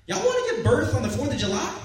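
A man's voice: extremely high pitch, wildly swooping pitch, fast talker, noisy background, voice pushed up, full character voice. Man impersonating a Texan female nurse: bossy drawl, distant echoey sound. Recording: echoey room from far off.

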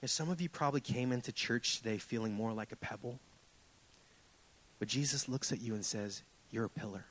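A man's voice: mid-range voice, a little fast, a bit bright, rough recording. A young adult man preaching a sermon in a church sanctuary, impassioned and rising and falling in emphasis. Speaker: pastor.

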